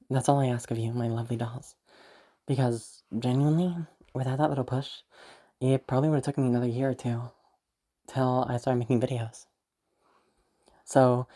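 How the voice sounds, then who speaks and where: Mellow-voiced young vlogger, giggly and rambling. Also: medium pitch. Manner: rambling, frequent fillers and giggles. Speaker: YouTube voice creator. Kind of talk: casual vlog talk to camera.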